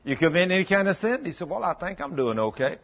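A man's voice: very animated, fast. A man preaching a sermon, telling stories in a folksy way and acting out the dialogue. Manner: folksy, acts out dialogue, drops to low intense tones. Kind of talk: sermon storytelling. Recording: dull lo-fi sound.

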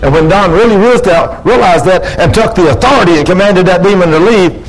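A man's voice: sits high, fairly quick, rough recording. A male preacher, giving a sermon to his congregation and acting out the dialogue in his stories with rising emphasis. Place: church before a congregation.

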